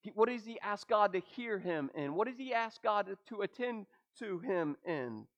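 A man preaching a sermon, asking rhetorical questions and dropping his voice low at the ends of phrases. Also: lively intonation, moderate pace, fairly bright tone, dull audio. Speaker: pastor.

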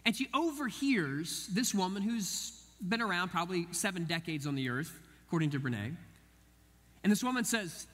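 A man with a fairly high voice preaches a sermon, telling a story in an animated way and acting out each person he quotes. His voice carries a long reverb, as if it is filling a church hall. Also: moderate pace. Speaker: pastor.

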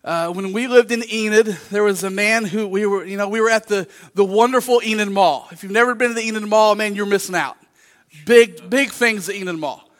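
A high, bright male voice preaching from the pulpit. He tells anecdotes with animated energy, acting out the other people's voices. The delivery is loose and conversational, full of asides to the congregation. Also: a little fast. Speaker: pastor. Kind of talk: sermon.

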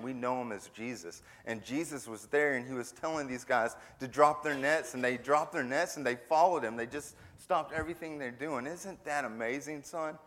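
A man voicing a gentle fisherman father who is telling his young son a story during a sermon. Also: mid-range voice, close to an everyday voice. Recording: long hall reverb.

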